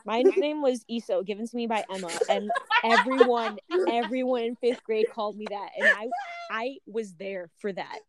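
A woman's voice: fairly high pitch, normal speed, noisy background. A young adult woman in a casual chat with friends, rambling through anecdotes with laughter.

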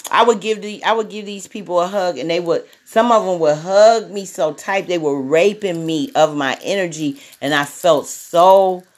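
A woman's voice: fairly low pitch, moderate pace, hardly any pauses. Woman podcast host, frank and salty, rambling casual monologue. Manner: blunt and profane, with many repetitions.

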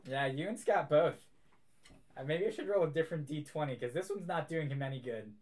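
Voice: mid-range voice, fairly quick. Amused young game master. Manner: relaxed, amused, with fillers. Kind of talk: narrating a tabletop game.

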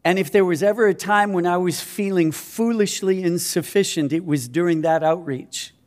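Speaking at a normal speed, this missionary in his fifties from Minnesota, USA, recounts his testimony with sincere, self-mocking storytelling. For a man, his voice sits slightly high.

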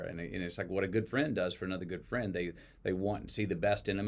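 A man's voice: low voice, gravelly, a bit bright. A man being interviewed as an author, talking casually and acting out quoted lines with a folksy, storytelling manner. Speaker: guest, author.

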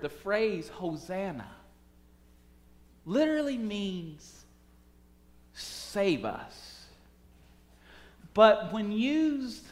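A man preaching a sermon, swinging from soft, quiet phrases to loud, urgent calls. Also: high voice, long reverb tail. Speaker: pastor.

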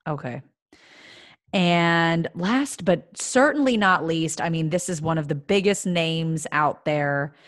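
A woman's voice: deep voice, dry recording, studio quality. Bubbly young woman co-hosting a chat. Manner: bubbly, chatty, quick to exclaim. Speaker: podcast co-host. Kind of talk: casual chat.

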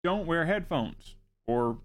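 A man's voice: a little high, lively intonation, slow. A man hosting a show, reading informational notes aloud and breaking off for joking asides. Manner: wry, joking asides between read facts. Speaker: show host.

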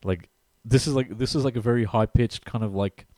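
A man's voice: medium pitch, brisk, a little mellow, no room sound. A man in casual chat who laughs often and stammers, repeating words as he starts a thought.

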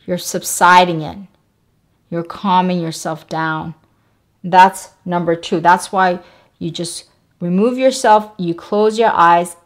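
Woman, self-help vlogger with a lowish voice, calm and repetitive, walks the listener through steps. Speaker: wellness vlogger. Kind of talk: instructional self-help talk.

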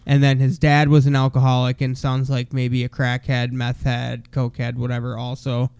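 A man's voice: mid-range voice, monotone, moderate pace, gravelly, darkish tone, clean tone, no echo. A young man co-hosting a podcast, telling stories in a loose, profane, casual chat full of "bro" and "dude". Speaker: podcast co-host.

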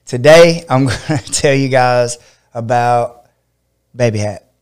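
A middle-aged man from Georgia with a drawl tells a story in casual chat. His voice is smooth and clear. He laughs often and slips into high squeaky voices when he quotes people. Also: steady tone, slow, a little mellow. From Georgia, USA. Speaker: podcast host and fight coach.

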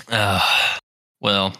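A young man with a low, very bright and sharp-edged voice, talking bluntly on a casual podcast. He swears freely and keeps a dry, unimpressed tone. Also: little pitch movement, drawn-out words. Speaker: podcast co-host. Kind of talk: casual chat.

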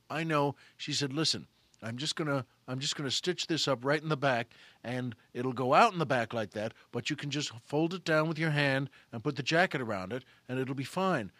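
Animated storytelling man, bright dry voice. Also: medium pitch, moderate pace, no echo. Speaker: comedian telling a story. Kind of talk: comic storytelling.

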